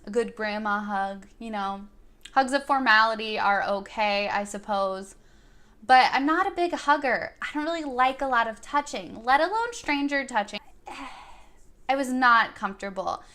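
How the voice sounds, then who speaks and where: A woman's voice: a little high, bright, forceful tone. A young woman vlogger telling a personal story in an earnest, reflective way, now and then quoting her own words. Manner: earnest and thoughtful, quoting herself in dialogue.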